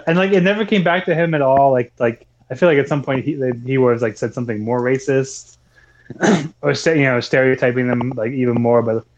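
A man's voice: mid-range voice, fairly quick, muffled recording. A man co-hosting a casual movie podcast, rambling with lots of swearing and frequent laughter. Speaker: podcast co-host.

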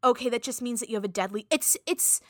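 A woman co-hosting a podcast, talking in a loose, chatty way full of "like" and shrugging dismissals. Her voice is bright and a little sharp, recorded close and dry with almost no room sound. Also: fairly high pitch, fast, no room sound. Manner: dismissive, chatty, heavy use of "like". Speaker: podcast co-host. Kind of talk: casual chat.

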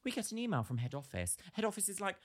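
A woman telling a retail story in casual chat, dramatic and quick to act out voices. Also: medium pitch, big pitch swings.

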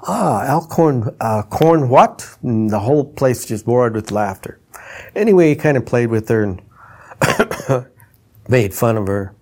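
An older man who used to play trumpet and design instruments, now retired, tells stories in a mid-range voice, unhurried and pausing often. Animated throughout, he performs the voices of the people in his quoted dialogue.

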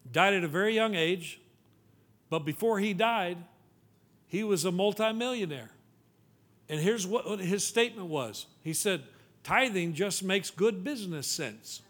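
Preaching a sermon in a fairly high register, a male pastor presses his listeners urgently with pleading questions. His voice sinks low and quiet whenever he reads scripture.

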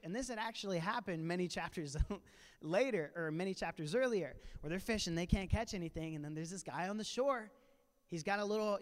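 A man retelling a scripture story in a casual, animated sermon style at a church panel. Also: high voice. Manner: animated, casual retelling with playful voiced asides. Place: church auditorium. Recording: long reverb of a large hall.

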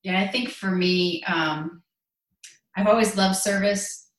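A woman's voice: mid-range voice, steady tone, slow, echoey room, low-quality recording. A woman in her forties speaking as an interview guest, earnest and self-deprecating as she recalls her path. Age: 40s. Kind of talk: conversational interview.

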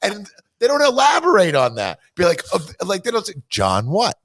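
Podcast host, man, lively swings, dry close sound, swears freely. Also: high voice, moderate pace, no echo. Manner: profane, animated, mimics people in loud outbursts. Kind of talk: casual chat.

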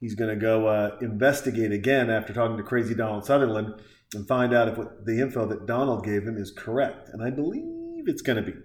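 A man's voice: lowish voice, lively intonation, brisk. Sarcastic, foul-mouthed man ranting. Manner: sarcastic, crude, heated. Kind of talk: profane ranting commentary. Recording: echoey room.

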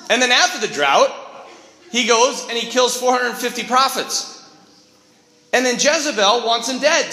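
An animated male priest preaching in a church, telling stories with quick asides and acting out quotes. His voice is bright, a little high for a man, and cutting. The long reverb of the church hall rings behind him. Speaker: Catholic priest. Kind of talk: sermon.

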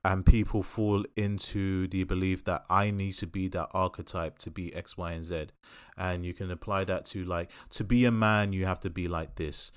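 A man hosting a casual chat podcast, talking in a passionate and opinionated way with quick asides. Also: deep voice, little pitch movement, clear, resonant tone, no room sound, clean studio sound. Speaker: podcast host.

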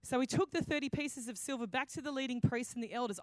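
A woman's voice: high voice, fast talker, no echo. Woman pastor preaching. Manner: storytelling, acts out quoted lines, frequent restarts. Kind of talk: sermon.

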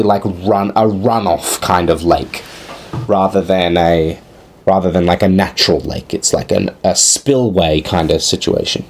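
Man, low-pitched and unhurried, improvising a tabletop game scene, halting and full of fillers. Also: a little hiss or hum. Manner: hesitant, thinking aloud with many fillers.

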